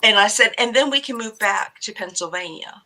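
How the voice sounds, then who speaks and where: A woman from Hawaii telling stories in a casual group chat, chatty and quick to laugh. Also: medium pitch, sharp tone, slight background noise, low-quality recording. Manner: chatty storyteller, laughs often. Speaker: livestream co-host.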